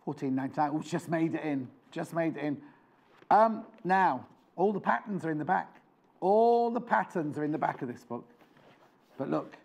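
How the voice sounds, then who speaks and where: A man's voice: fairly high pitch, animated, moderate pace, vocal fry, long pauses, a little mellow. A man presenting on a live shopping channel, chatting with enthusiasm and jokes. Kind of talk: live TV sales chat. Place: TV studio.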